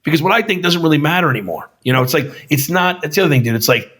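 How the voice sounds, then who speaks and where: A film director talking casually as a podcast guest, swearing freely and acting out other people's lines with emphasis. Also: male voice, a little high, expressive, rapid-fire, a bit bright. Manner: profane, emphatic storyteller acting out quotes. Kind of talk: casual conversation.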